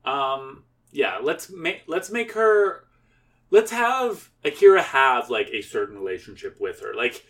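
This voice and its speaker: Storyteller thinking aloud, lively intonation, plenty of restarts. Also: medium pitch, measured pace. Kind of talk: improvised collaborative storytelling.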